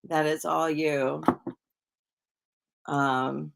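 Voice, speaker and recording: On her casual livestream, a middle-aged psychic chats with viewers and reads their comments, rambling, restarting often, and laughing softly. Her low-pitched voice stays level, with drawn-out words and vocal fry.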